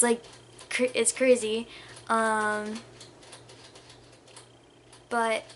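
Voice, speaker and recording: A woman's voice: fairly high pitch, a bit bright, slight background noise. A young woman telling a storytime vlog in a rambling, casual way, full of "like" and dropping into whispers. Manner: rambling, lots of "like" fillers, drops to whispers. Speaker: vlogger.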